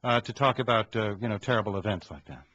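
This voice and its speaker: A man's voice: on the low side, quick pace, sharp tone, muffled recording, a little hiss or hum. A man hosting a radio interview, easygoing and stumbling a bit over his questions. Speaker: radio host. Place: radio studio.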